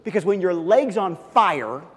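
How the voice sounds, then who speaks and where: Middle-aged male pastor, high-pitched, chatty storytelling preacher, big reverberant church hall. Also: a little slow, slightly rough. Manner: animated storytelling, chatty with fillers. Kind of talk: sermon. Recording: long reverb of a large hall.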